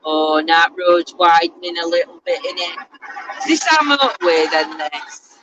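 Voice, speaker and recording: A woman vlogger chats casually on a road trip, teasing herself in a chatty, self-mocking way. Her voice is fairly low and a little slow, and the dull audio was recorded in a moving car with road noise behind her.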